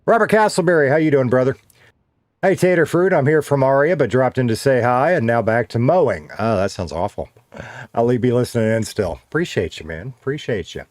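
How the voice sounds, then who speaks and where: A man's voice: medium pitch, animated, fairly quick, darkish tone, dry recording, clean studio sound. A man, chatting casually on a game livestream and reading viewer comments aloud. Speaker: streamer host.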